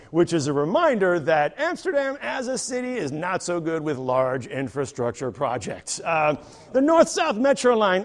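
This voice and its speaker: A male comedian tells a story on a theater stage in a fairly high voice. His delivery swoops up and down, full of animation as he plays out the scene. He is lively and performative throughout. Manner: animated, acts out characters. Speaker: stand-up comedian.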